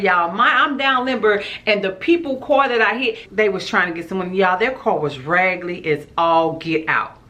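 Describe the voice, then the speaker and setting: A woman's voice: mid-range voice, a little slow, hardly any pauses, pushed and bright. A woman vlogger telling a storytime to camera in a casual, chatty way, often calling out to her viewers and laughing. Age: adult with a school-age son.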